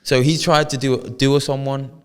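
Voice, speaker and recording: A man's voice: mid-range voice, flat delivery, moderate pace, clean tone, long reverb tail. A British man co-hosting a podcast, telling a story in casual chat full of slang and swearing. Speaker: podcast co-host.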